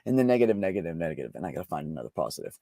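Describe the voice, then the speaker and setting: A man's voice: low voice, sing-song, racing, gravelly, dark tone, dry recording, studio quality. A man candidly telling a personal story in casual conversation, blunt and emotional, swearing often. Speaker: podcast host.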